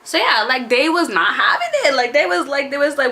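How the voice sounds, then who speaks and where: A woman in her twenties telling a casual storytime, animated and profane, laughing often. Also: on the high side, moderate pace.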